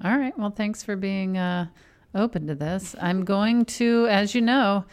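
A woman's voice: mid-range voice, a little slow. A woman co-hosting a podcast in casual chat, with a dry, understated manner. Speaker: podcast co-host, touring comedian.

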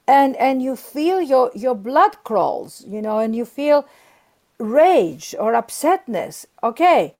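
A middle-aged woman with a somewhat high voice and plenty of vocal fry speaks as a guest in an interview. She talks earnestly and with emphasis, voicing the feelings she describes as if speaking them herself. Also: sing-song, slow pace, dark tone. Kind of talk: warm spiritual interview talk.

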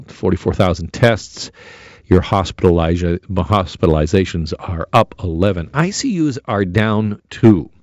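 A man's voice: sits low, a little mellow, no room sound, lo-fi sound. A middle-aged man, hosting a talk radio show in a jokey, theatrical monologue.

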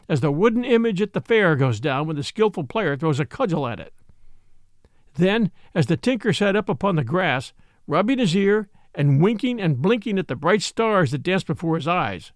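Lively high-voiced male storyteller. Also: no echo, clean studio sound. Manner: expressive, dramatic reading. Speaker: audiobook narrator. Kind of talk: storybook narration.

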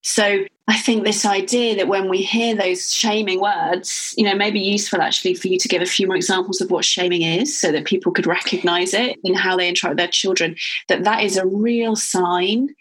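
A woman's voice: medium pitch, steady tone, brisk, fairly bright tone, low-quality recording. A woman hosting a podcast interview, talking in an engaged, thoughtful way and asking follow-up questions. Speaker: podcast host.

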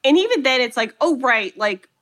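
A woman co-hosting a casual chat, recapping a film with animated storytelling and acted-out quotes. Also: high voice, normal speed. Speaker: podcast co-host recapping a film.

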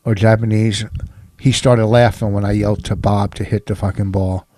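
A man's voice: lowish voice, steady tone, normal speed, darkish tone, no room sound. A middle-aged man chatting casually as a podcast co-host, rambling through a story with many restarts and fillers. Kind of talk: casual chat.

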